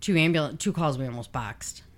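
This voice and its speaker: A woman co-hosting a podcast in a casual, blunt way, swearing freely and getting animated when she retells things. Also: extremely low pitch, moderate pace. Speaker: podcast co-host. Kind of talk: casual chat.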